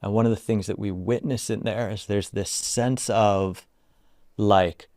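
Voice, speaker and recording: Soft-spoken low-voiced man, dry sound. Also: steady tone, dry recording. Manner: soft-spoken, halting, full of "like". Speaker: retreat founder and guest. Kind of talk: reflective interview storytelling.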